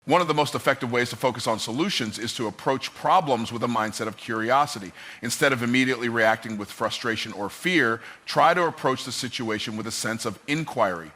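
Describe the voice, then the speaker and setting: A man giving a motivational speech in a measured, scripted delivery without fillers. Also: medium pitch, sharp tone. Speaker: motivational speaker.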